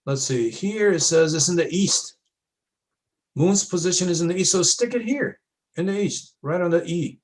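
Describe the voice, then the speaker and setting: In a rough recording, a man with a high-pitched voice teaches a class at a moderate pace. He walks students through diagrams of the moon and sun in a casual, step-by-step classroom lab session, checking in with them often.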